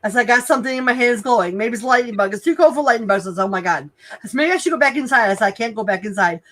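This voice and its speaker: A woman in a casual podcast chat, excitedly telling a personal story with lots of exclamations. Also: on the high side, rapid-fire, rough recording. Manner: excitable, animated, lots of "oh my God" and "like".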